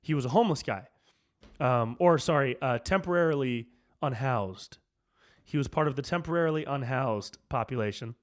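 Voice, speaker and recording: A man hosting a podcast, ranting casually and profanely, drifting between low mumbled asides and fired-up outbursts. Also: fairly quick. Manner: loose and profane, peppered with "dude", jumps between mumbling and fired-up. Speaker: comedian and podcast host.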